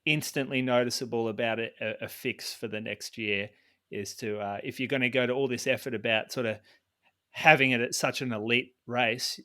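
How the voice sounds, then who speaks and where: A man's voice: mid-range voice, bright, forceful tone. A man co-hosting a podcast, asking questions and explaining his views in a casual way. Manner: explanatory, opinionated, asks follow-up questions. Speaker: podcast co-host. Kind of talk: casual conversational chat.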